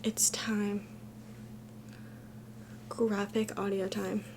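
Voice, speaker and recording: A chatty woman book vlogger who talks in a gushing, rambling way, filling her sentences with fillers as she thinks aloud. Her voice sits at an ordinary middle pitch, and faint noise hums behind her. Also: level tone, extremely slow. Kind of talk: casual chat.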